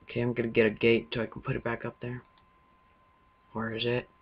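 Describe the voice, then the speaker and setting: Man, husky, mid pitch, jittery cursing gameplay commentary, muffled lo-fi sound. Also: monotone, fairly quick. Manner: jumpy, swearing running commentary. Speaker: gamer. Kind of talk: let's-play commentary.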